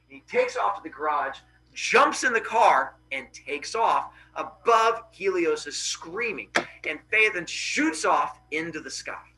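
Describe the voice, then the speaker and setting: A man hosting a podcast, retelling a myth in a casual, animated, jokey way with playful asides. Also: on the high side, slow, reverberant, distant mic, low-quality recording. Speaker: podcast host.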